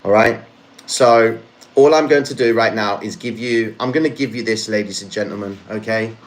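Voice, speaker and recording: A man's voice: lowish voice, moderate pace. A man hosting a casual live stream, frustrated and apologetic, talking straight to his chat. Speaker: livestream host.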